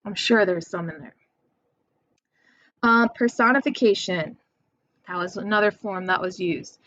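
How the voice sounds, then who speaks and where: A young woman teaches a poetry lesson to students at home, taking it slowly and spelling out terms. Her voice sits at an ordinary pitch. The recording is dry and a little muffled, as if made on a simple home mic. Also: a bit bright, no room sound. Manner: patient, slow and clear, spells words out.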